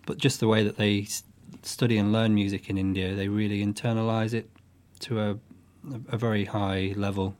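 A man from northwest England, a folk musician talking thoughtfully in an interview, often pausing and restarting. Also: on the low side, level tone, a little mellow. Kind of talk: interview chat.

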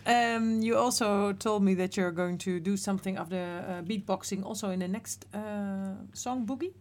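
A woman's voice: medium pitch, normal speed, darkish tone, slight background noise. A woman with a Dutch accent, a host interviewing a guest in a friendly, hesitant way with many fillers.

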